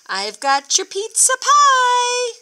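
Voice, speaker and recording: A woman voicing an angry male farmer in a children's storybook, shouting and exasperated. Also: very high voice, wildly swooping pitch, takes it slowly, pitched above the performer's own voice, exaggerated voice.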